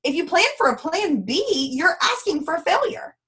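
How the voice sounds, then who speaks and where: A woman giving an energetic, preachy motivational training talk to her sales team. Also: very high-pitched, moderate pace. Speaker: network marketing team leader.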